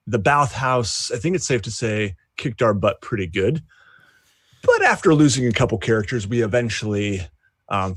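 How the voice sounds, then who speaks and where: A man playing in a tabletop game, recapping the story with many pauses and fillers. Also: medium pitch, fairly bright tone, dry recording, clean studio sound. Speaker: player. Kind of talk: casual tabletop game chat.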